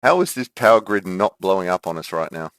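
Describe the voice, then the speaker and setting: A man's voice: deep voice, lively intonation, fairly quick, fairly bright tone, clean tone, dry recording, studio quality. A man streaming a game, chatting casually, thinking aloud and laughing often. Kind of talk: casual gameplay chat.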